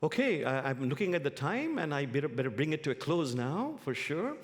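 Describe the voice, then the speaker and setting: A man, an imam giving a guest sermon, telling humorous stories in a playful, animated way. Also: on the high side, brisk. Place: spiritual center sanctuary. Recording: long hall reverb.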